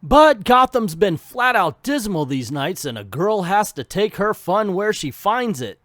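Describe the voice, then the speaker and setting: A man's voice: high voice, very animated, measured pace, a bit bright, no echo, clean studio sound, pitched above the performer's own voice, exaggerated voice. A man reading the lines of a sly female plant villain from a comic, lifting his voice a little.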